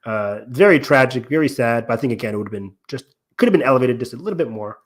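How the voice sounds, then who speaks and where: A man's voice: mid-range voice, animated, fast talker. A man hosting a podcast in casual discussion, thinking aloud and rambling with lots of fillers. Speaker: podcast host.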